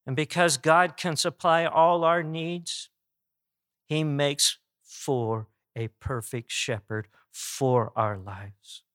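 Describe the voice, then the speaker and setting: Slow, earnest preacher man. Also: on the high side, steady tone, a bit bright, smooth, no echo, studio quality. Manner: earnest, emphatic preaching with restarts. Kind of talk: sermon.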